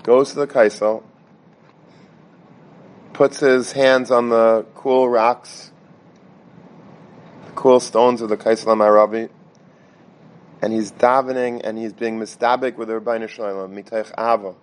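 A man's voice: medium pitch, flat delivery, measured pace, pauses often. A man telling a dramatic religious story, sprinkling in Hebrew and Yiddish terms and often restarting his words. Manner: stammering restarts and repetition.

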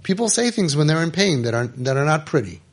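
A middle-aged man telling a story and giving advice, emphatic, repeating phrases and dropping to quiet intensity. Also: fairly high pitch, very animated, brisk, husky. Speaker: rabbi giving parenting advice. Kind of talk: impassioned storytelling talk.

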